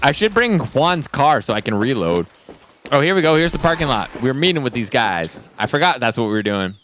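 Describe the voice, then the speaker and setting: A man's voice: medium pitch, very animated, brisk, a bit bright. A man playing a video game, joking and thinking aloud in casual let's-play commentary. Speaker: gaming streamer. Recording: game sounds and noise behind.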